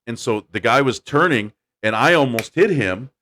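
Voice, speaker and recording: A man hosting a relaxed podcast chat, his voice at an ordinary middle pitch for a man. He talks bluntly and tells stories with animated energy, jumping into the voices of the people he quotes. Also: normal speed, slight background noise. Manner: animated storyteller, acts out quotes. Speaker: podcast host. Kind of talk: casual chat.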